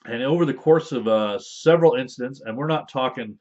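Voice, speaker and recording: A man's voice: mid-range voice, brisk, a little mellow. A man in casual talk explaining rules for a tabletop game, rambling with fillers and playful asides. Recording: dull lo-fi audio.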